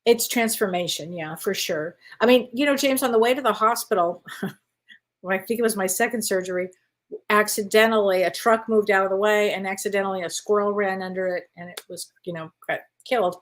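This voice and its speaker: A woman co-hosting a casual spiritual chat show, an animated, chatty storyteller who reads viewer questions aloud. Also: mid-range voice, a little fast. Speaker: co-host. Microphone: live online show.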